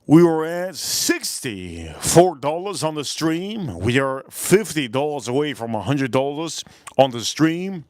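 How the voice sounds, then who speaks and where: A man hosting a casual livestream, hyped up, shouting out donors and swearing freely. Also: on the high side, very animated, unhurried, dry recording, clean studio sound. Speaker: whiskey livestream host.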